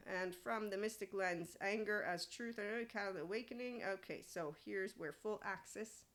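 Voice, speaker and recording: A woman's voice: lowish voice, normal speed, hardly any pauses, a bit bright. Blunt, opinionated woman podcaster. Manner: blunt and opinionated, swears freely; reads an AI answer aloud and responds to it. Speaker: podcast host. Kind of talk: spiritual self-help monologue.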